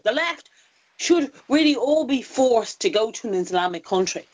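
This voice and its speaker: A woman's voice: on the high side, lively intonation, normal speed, darkish tone. A woman hosting a casual talk show, ranting in an indignant, exasperated way. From Ireland. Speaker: host. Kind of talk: casual chat.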